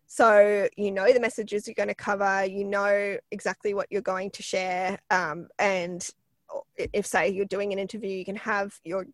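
A woman with a croaky voice, a PR expert chatting as a podcast guest with lots of fillers and restarts. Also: medium pitch, little pitch movement, normal speed, no room sound. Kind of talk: casual podcast interview.

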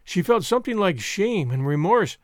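A man narrating an audiobook in a measured, gentle way. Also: high voice, big pitch swings, dry recording, studio quality. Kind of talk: scripted narration.

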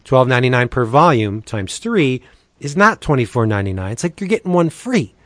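A man hosting a casual comics podcast, reading deals in a playful pitchman manner. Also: sing-song, fairly quick, a bit bright, no echo. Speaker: podcast host. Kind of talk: casual podcast chat with ad reads.

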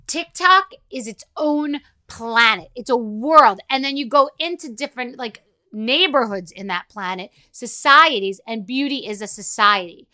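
A middle-aged woman hosting a podcast, talking bluntly and casually with frequent swearing. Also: a little high. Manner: blunt, profane, rapid and animated. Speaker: podcast host. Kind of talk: casual monologue.

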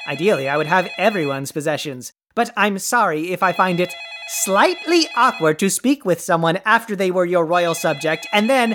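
A woman's voice: mid-range voice, a bit bright, close to an everyday voice. A woman playing a pompous, greedy, deposed male overlord in a comedy audio play, with a grandiose, haughty delivery. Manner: grandiose, haughty and theatrically dry.

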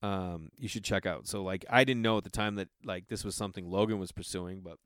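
A man's voice: sits low, brisk, a bit bright, clean tone, no room sound. Rambling man telling a story, dry sound. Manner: rambling, with constant filler 'like'. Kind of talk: casual anecdote.

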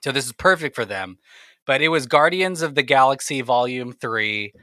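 A man's voice: medium pitch, expressive, moderate pace, pushed and bright, no echo. A man co-hosting a casual podcast, rambling through stories with frequent laughs and self-deprecating asides. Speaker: podcast co-host.

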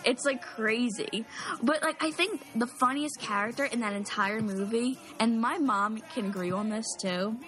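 A woman's voice: on the high side, moderate pace, music in the background, low-quality recording. A woman in casual chat about a movie, chatty and gushing, full of "like" fillers.

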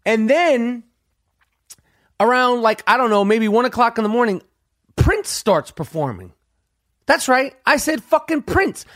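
A fairly high-voiced middle-aged man tells a wild story with heavy profanity, repeating phrases as he builds excitement. The recording is dry and close, with no room sound. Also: dry recording. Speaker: podcast host. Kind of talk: casual storytelling monologue.

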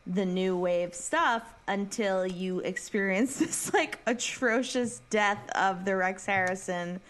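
A woman lays out her thoughts in a reflective, explanatory way during a relaxed conversation. Her pitch is mid-range. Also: slow pace. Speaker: podcast co-host. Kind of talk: casual chat.

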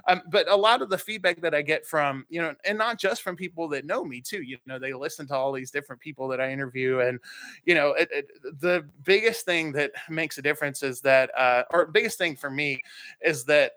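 Earnest man with a bright, dry voice. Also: on the high side, no room sound. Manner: earnest, reflective, halting with restarts. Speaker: podcast host as guest. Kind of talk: casual interview conversation.

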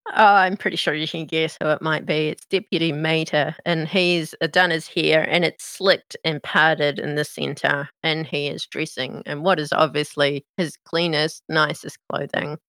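A woman game master narrating a tabletop game scene in a calm, descriptive voice. Her sound is dry, with no room around it. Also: deep voice, moderate pace, few pauses, no echo.

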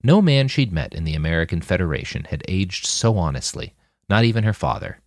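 Man reading an audiobook, lowish voice that swings all over, dead dry booth. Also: brisk, no echo. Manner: expressive, wide-ranging reading. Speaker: narrator. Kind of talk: scripted audiobook narration.

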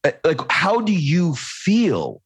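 A man hosting a podcast interview, reading a story aloud and then talking in a lively, casual way, swearing now and then. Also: on the high side, husky, no echo. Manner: animated, swears casually, quick asides. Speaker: podcast host.

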